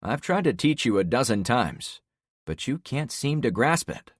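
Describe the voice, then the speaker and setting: A man voicing a steady male survivor hero who answers with level, dry retorts. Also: medium pitch, unhurried, no echo, voice pushed up. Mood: defiant.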